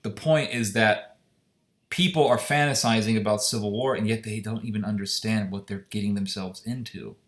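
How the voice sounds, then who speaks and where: A man's voice: fairly low pitch, steady tone, normal speed, a bit bright. A man giving an impassioned, indignant solo opinion monologue, firing off rhetorical questions. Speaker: commentator. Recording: echoey room.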